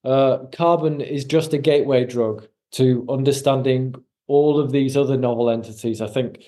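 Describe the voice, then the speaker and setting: A man's voice: mid-range voice, steady tone, moderate pace, mellow. A man hosting a podcast, steering the talk in an easygoing way. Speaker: podcast host. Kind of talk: casual podcast chat.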